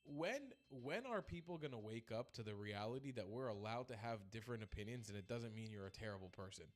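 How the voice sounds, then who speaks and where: A man's voice: lowish voice, expressive, fairly quick, faint music behind. A man hosting a live stream, giving heated, crude, repetitive ranting commentary on clips.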